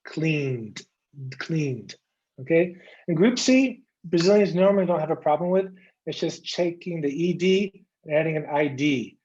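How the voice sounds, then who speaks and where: A man's voice: fairly high pitch, a little mellow, highs cut off. A man coaching English pronunciation on a video call, drilling words by repetition and encouraging his students. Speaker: English coach giving a speech. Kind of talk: online English pronunciation lesson.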